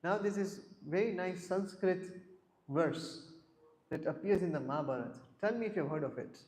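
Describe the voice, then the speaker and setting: A man's voice: sits high, normal speed, darkish tone. A man giving a scripture class in a temple hall, explaining verses word by word and putting questions to his listeners. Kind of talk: Bhagavad Gita class talk. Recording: roomy echo.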